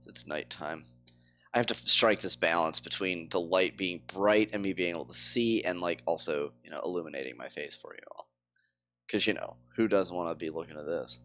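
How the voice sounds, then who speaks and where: A man's voice: low-pitched, brisk, pushed and bright. A man chatting casually on a live game stream, rambling with lots of fillers.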